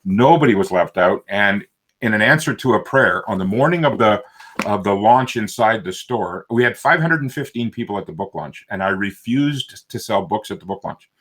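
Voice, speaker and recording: Low-voiced man telling a lively story. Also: moderate pace. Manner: animated storyteller, acts out quoted voices. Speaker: self-published author. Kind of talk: storytelling in a panel video chat.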